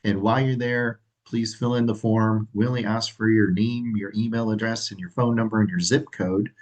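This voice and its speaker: A man hosts a livestream, upbeat and a bit rambling. His voice sits low, and he fills his talk with ums and uhs. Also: fairly even intonation, moderate pace, darkish tone, rough recording. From California. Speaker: association president and livestream host. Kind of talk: livestream presentation.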